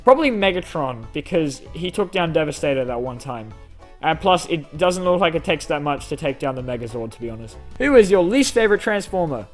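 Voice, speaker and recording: A young man with a fairly high voice runs through viewer questions in a relaxed, offhand way. He rambles and puts himself down, and a faint track of music plays under him. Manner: self-deprecating, rambling with fillers. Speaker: YouTube channel host answering fan questions. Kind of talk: casual Q&A reading comments aloud.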